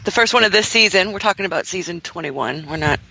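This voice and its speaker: A male co-host with a gravelly, tense, bright tone talks on a radio show. He is lively and laughs easily, and he explains things in long, rolling stretches. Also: high-pitched, fast, slight background noise, rough recording. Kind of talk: casual radio show chat.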